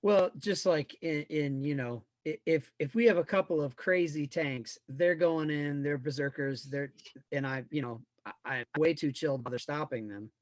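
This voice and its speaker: A man's voice: a little high, moderate pace, no room sound. A man playing in a tabletop game over a video call, asking hesitant questions and restarting his sentences often. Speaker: player. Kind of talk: casual chat in a tabletop game.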